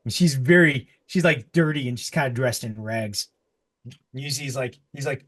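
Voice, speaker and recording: A man's voice: mid-range voice, normal speed, fairly bright tone. A man narrating as game master of a tabletop game, describing scenes loosely with lots of fillers.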